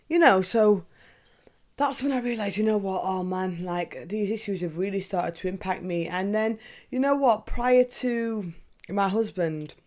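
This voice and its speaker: A young woman hosting a podcast, talking casually and candidly, swearing freely and asking herself questions out loud. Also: mid-range voice. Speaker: podcast host. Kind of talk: casual monologue.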